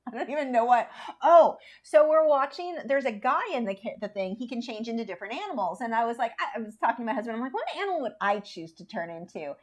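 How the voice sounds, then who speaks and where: A woman's voice: a little high, lively intonation, fast talker. A woman artist chatting casually and opinionatedly with viewers while she paints, laughing often. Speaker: artist streamer.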